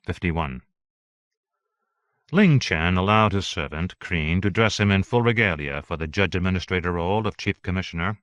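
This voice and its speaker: Low-voiced male audiobook narrator. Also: lively intonation, normal speed, a bit bright, no room sound, highs cut off.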